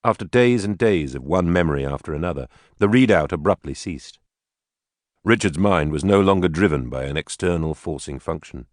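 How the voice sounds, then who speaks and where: A man narrating an audiobook in a measured, steady storytelling manner. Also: deep voice, no room sound, clean studio sound.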